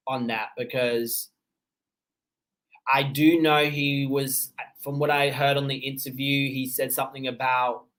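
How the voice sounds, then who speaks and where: A man hosts a casual livestream, chatting and answering viewer comments in a relaxed, conversational way with easy laughs and frequent fillers. His voice is mid-range, and his Australian accent is mixed with his parents' Seychellois English.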